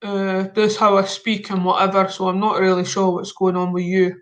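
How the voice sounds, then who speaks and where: A man's voice: high-pitched, monotone, fairly quick, a bit bright. A man hosting a live stream, chatting casually with slangy, mock-confrontational banter. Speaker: livestream host.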